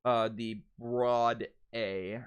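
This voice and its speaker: A man's voice: mid-range voice, steady tone, clean tone. Chatty American man teaching dialects. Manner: chatty, many fillers and self-corrections, drawn-out demonstration vowels. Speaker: dialect coach. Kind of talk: casual how-to lesson.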